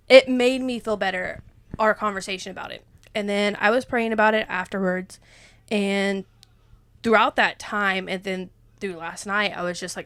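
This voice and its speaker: A woman's voice: medium pitch, a bit bright, smooth, no echo. A young woman, rambling and emotional as she opens up in a casual faith chat, laughing often. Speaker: podcast co-host.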